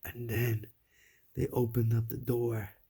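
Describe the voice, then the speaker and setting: A man spins a scary bedtime story at a crawl, his low voice full of gravelly fry. The tone is dark and very husky, sinking to whispers at the tense parts. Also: level tone. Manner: slow, hushed, dropping to whispers for suspense. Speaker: parent telling a bedtime story.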